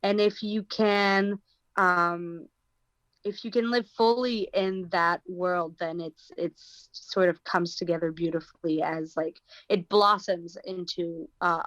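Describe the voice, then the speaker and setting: A woman's voice: fairly low pitch, steady tone, slow pace, a bit bright, no room sound, muffled recording. An actress with an American accent, talking thoughtfully in an interview and searching for her words. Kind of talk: casual interview talk.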